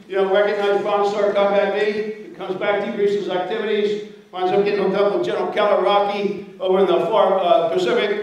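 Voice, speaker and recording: An older man giving a storytelling history lecture, conversational, often checking in with his audience. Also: high voice. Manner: storytelling, conversational, asks okay. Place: lecture hall. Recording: very echoey hall from far off.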